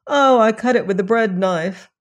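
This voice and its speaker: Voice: medium pitch, normal speed, highs cut off, voice pushed up, close to an everyday voice. A storyteller voicing a timid young lad. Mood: pleading. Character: curious, timid young male servant lad.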